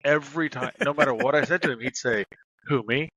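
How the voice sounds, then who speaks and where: A man's voice: medium pitch, fast, fairly bright tone, breathy edge, lo-fi sound. A middle-aged man and former police officer, casually telling stories on a podcast, laughing and swearing as he goes. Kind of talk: casual storytelling.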